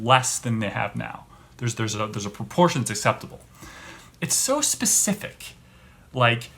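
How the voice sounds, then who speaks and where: A man hosting a podcast who rants in a casual comedic way, rambling and halting with many restarts. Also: mid-range voice, bright, forceful tone. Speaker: podcast host.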